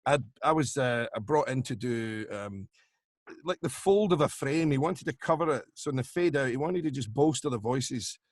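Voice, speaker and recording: A man telling animated show-business anecdotes as a guest on a video call, laughing often and slipping into impressions. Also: mid-range voice, moderate pace, dry recording, clean studio sound. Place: home over video call.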